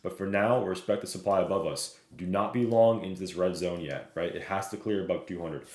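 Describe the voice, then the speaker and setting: A man with a fairly low voice runs through stock charts on a live stream, reading chat messages and tagging his points with "right?" and "okay?". His voice carries a roomy echo. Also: darkish tone. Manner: fast, repeats "right?" and "okay?", reads chat aloud.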